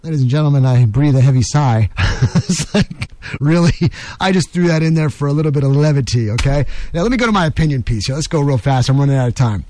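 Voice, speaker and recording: A man hosting a talk radio show, delivering a forceful, preachy opinion monologue and often calling out to his listeners. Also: medium pitch, animated, very fast, no echo. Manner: forceful, preachy, repeats "ladies and gentlemen". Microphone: studio microphone.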